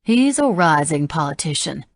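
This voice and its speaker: Narrator's middle-aged Southern housekeeper, frank, low gravelly voice. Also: female voice, very animated, normal speed, no room sound. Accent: slight Southern US.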